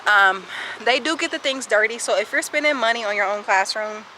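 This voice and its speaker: Fairly quick, a little high, bright and forceful, her voice carries a faint hiss or hum. The twenty-something kindergarten teacher is casually vlogging outdoors on a handheld camera, out of breath from walking, answering questions with chatty sass and calling people "sis" and "y'all."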